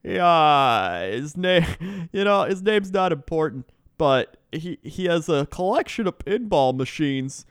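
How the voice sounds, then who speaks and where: A man's voice: a little high, very animated, slow, clear, resonant tone, no room sound, studio quality, pitched above the performer's own voice. A man voicing a brash middle-aged male rideshare driver with a put-on Canadian-tinged accent, ranting and boastful.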